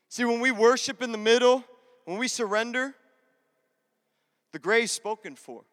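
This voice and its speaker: A man's voice: very high voice, normal speed, pauses often, fairly bright tone. A man preaching a sermon with passion, repeating lines and acting out prayers in his own voice. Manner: impassioned, repetitive preaching with acted-out prayers. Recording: long hall reverb.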